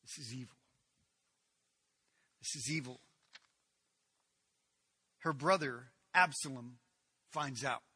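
A male pastor preaching a sermon, swinging dramatically from hushed to loud. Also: mid-range voice, takes it slowly, long pauses, breathy edge.

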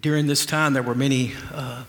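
A man's voice: mid-range voice, fairly even intonation, fairly quick, creaky, in a large hall. A male pastor preaching an earnest, conversational sermon, often restarting his sentences.

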